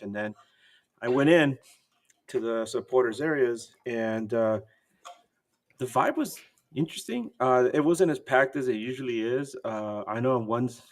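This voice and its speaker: A man co-hosting a podcast, telling match-day stories in casual chat and acting out other people's lines in a high voice. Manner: animated storyteller, acts out quotes in a high voice. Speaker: podcast co-host.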